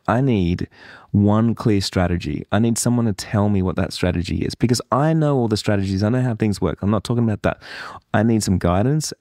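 A man hosting a solo podcast, talking candidly and rambling a little as he reflects out loud. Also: fairly low pitch, dry recording, studio quality. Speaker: podcast host. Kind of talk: casual solo podcast monologue.

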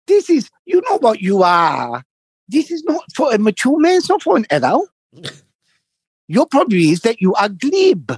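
A man doing a comic impression of a proud, pedantic older immigrant man with a Chinese accent, lecturing in slow, drawn-out words. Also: very high-pitched, huge pitch swings, husky, no echo, pitched above the performer's own voice, full character voice. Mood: scolding. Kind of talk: comic impression in casual chat.

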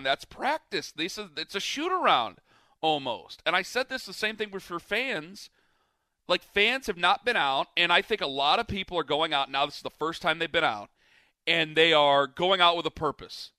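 A married man co-hosting a podcast, telling a rambling story and quoting people in animated bits. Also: fairly high pitch, smooth, dry recording, clean studio sound. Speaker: podcast co-host. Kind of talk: casual banter.

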